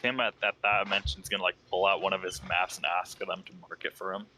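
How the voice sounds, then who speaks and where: A man playing a tabletop game, with a low, bright and forceful voice. He speaks in quick, offhand bursts. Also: flat delivery, soft background music, poor audio. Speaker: player. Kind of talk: casual tabletop play.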